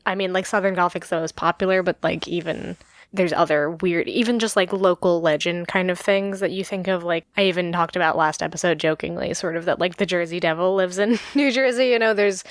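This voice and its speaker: Her voice fairly low and steady, moving a little fast, this young New Yorker co-hosts a laid-back podcast, chatting, laughing a lot, and filling her speech with filler words. The audio is studio quality with no echo.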